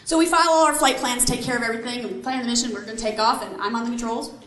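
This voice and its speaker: Her slightly high, somewhat bright voice comes out rapid-fire as she spins an animated tale and quizzes the people in front of her. She's a middle-aged keynote speaker and ex-Army helicopter pilot, recorded in an echoey hall before a live audience, with faint ambience around her.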